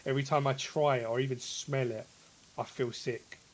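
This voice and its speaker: A man's voice: mid-range voice, fairly even intonation, normal speed, low-quality recording. A man, chatting casually and hesitantly while gaming, often repeating words. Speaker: co-player on stream.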